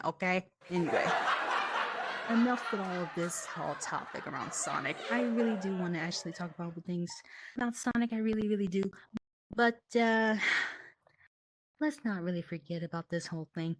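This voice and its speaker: A woman's voice: medium pitch, moderate pace, no echo. A young adult woman rambling through a comedic monologue, full of fillers, mock exasperation and casual swearing. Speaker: comedy skit performer. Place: online virtual world session.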